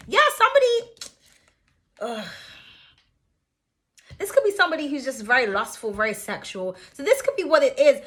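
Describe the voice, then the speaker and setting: A young woman doing a casual tarot reading talks in a chatty, blunt way, swearing and laughing freely. Her voice sits high, bright and forceful.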